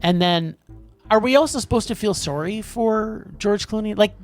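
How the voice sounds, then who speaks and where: A man co-hosting a podcast, chatting casually about films, animated and tripping over his words. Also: high voice, soft background music. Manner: animated, quick, trips over words, restarts. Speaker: podcast co-host. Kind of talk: casual movie review chat.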